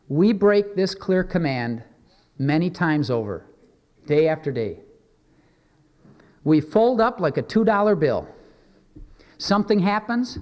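A man delivers a sermon in a somewhat high voice, earnest and measured, leaning into slow, emphatic readings of scripture. His voice rings out with a long reverb, recorded in a church sanctuary. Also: darkish tone. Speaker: pastor.

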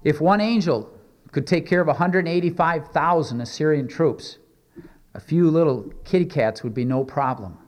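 A man's voice: fairly high pitch, moderate pace. A male pastor preaching a sermon, reading scripture aloud and then explaining it in a conversational way with many rhetorical questions.

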